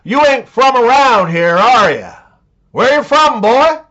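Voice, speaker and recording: Gruff Texas bartender, drawling and teasing, put on by a male joke teller; raised, lively pitch. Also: a little slow, highs cut off, full character voice.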